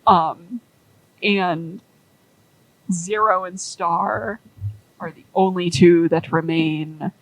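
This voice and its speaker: Rambling woman telling a story slowly. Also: fairly low pitch, fairly even intonation, poor audio. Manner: rambling, many "like"s, acts out quoted characters. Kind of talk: casual storytelling.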